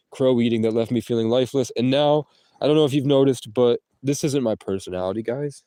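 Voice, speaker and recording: A man with a dark, mid-range voice rambles through a profane livestream from his parked car and the street nearby, jumping from topic to topic. The recording has no echo.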